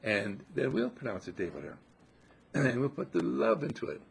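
A man's voice: medium pitch, very animated, normal speed, vocal fry, breathy edge. An older man giving an effusive, affectionate inspirational talk to a gathering, his voice swooping up on emphasis. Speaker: spiritual speaker.

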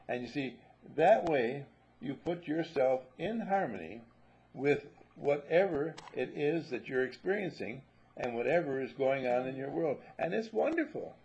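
A man's voice: medium pitch, expressive, measured pace, darkish tone, breathy edge, dull audio. A man giving a spiritual talk, musing and telling stories, and sometimes repeating himself. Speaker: spiritual teacher.

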